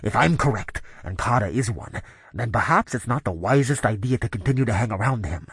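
A grave middle-aged professor of the paranormal, voiced by a man in an audio drama, speaking in a husky, slightly breathy voice. He talks in a measured, insistent way, as if pleading for caution. The recording is dry and close. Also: mid-range voice, expressive, dry recording.

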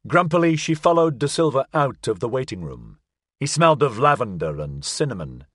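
A man narrating an audiobook in a measured storytelling manner. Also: medium pitch, big pitch swings, slightly rough, no room sound, studio quality.

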